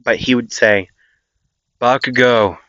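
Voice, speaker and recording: A man's voice: fairly low pitch, a little slow, fairly bright tone, dry recording. A man telling an improvised fan story in a rambling, casual way, full of fillers and little checks, in a dull lo-fi recording.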